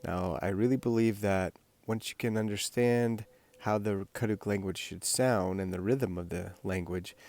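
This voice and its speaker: A man with a very deep, low-pitched voice teaches a language lesson. He walks through each step of the exercise patiently and plainly, like a teacher at a whiteboard. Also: normal speed, darkish tone. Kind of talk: instructional explanation.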